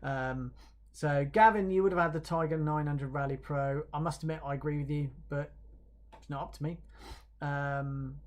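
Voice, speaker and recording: A presenter announcing awards on a livestream, chatting in a casual, hesitant way with lots of fillers and light self-mocking jokes while reading viewer comments. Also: medium pitch.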